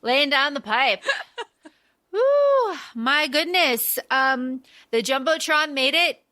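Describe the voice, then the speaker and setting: A woman's voice: high-pitched, slow, bright, forceful tone. A woman co-hosting a podcast, recapping a movie in casual chat, enthusiastic and laughing as she retells scenes. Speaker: podcast co-host.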